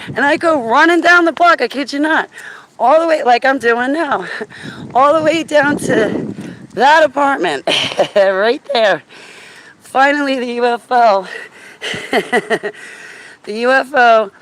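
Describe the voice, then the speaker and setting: A woman telling a story to her viewers in an excitable, chatty way while walking outdoors on a city street, often checking in with "right?". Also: sits high, slow pace, pauses often, a little hiss or hum. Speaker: vlogger. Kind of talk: casual storytelling to camera.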